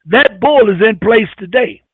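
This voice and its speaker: A man hosting a radio talk show, rambling and halting as he repeats words while searching for them. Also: sits high, lively intonation, husky, no room sound. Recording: tinny phone-like radio audio.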